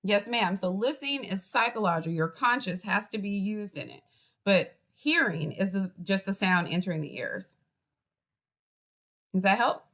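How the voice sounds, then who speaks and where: A college professor with a Boston accent teaches a class over a video call. She explains things in a lively, chatty way and speaks at an ordinary pitch for a woman. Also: moderate pace. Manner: lively, chatty teaching with acted example voices. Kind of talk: online class lecture.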